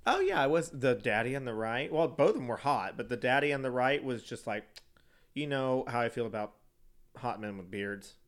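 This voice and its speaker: Joking flamboyant guy on a podcast, laughs a lot, mid-pitched voice. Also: animated, normal speed. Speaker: podcast co-host. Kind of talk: casual chat recapping a reality show.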